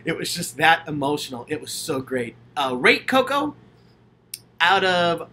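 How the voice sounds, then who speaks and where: An upbeat man with a slightly high, bright, forceful voice, speaking in a casual livestream Q&A. He gushes enthusiastically and rambles with plenty of fillers as he answers his audience. His own handheld camera picks him up. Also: very animated, measured pace, slight background noise. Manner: enthusiastic, gushing, chatty with many fillers. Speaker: channel host answering viewer questions. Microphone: handheld camera, self-filmed.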